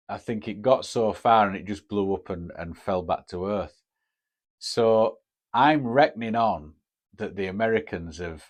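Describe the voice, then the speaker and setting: A man hosting a podcast, telling a rambling, sweary story in a casual monologue. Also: fairly low pitch. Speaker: podcast host. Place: home in Japan.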